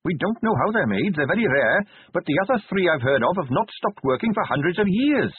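A man's voice: high-pitched, sing-song, a little fast, husky, no room sound, pitched above the performer's own voice, heavily acted. A man voicing an earnest, polite young male watch captain who speaks eagerly and helpfully. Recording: tinny phone-like band.

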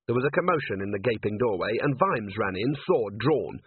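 A man narrating an audiobook in a lively, expressive manner. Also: lowish voice, fairly quick, slightly rough. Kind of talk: audiobook reading. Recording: tinny phone-like sound, dry.

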